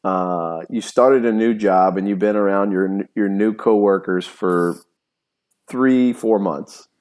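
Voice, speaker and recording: Rambling, lower-voiced man in casual chat. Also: slow. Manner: animated, rambling with many restarts. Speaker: podcast co-host.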